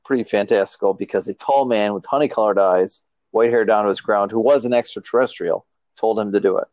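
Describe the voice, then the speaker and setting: A male podcast co-host talks casually, dropping wry, deadpan remarks. His voice sounds dull and close on a dry, lo-fi mic. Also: lowish voice, fairly quick, dry recording. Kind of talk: casual chat.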